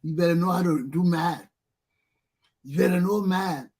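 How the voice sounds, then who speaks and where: A man hosting a political talk show, speaking forcefully with lots of repetition. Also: high voice, moderate pace, slightly rough.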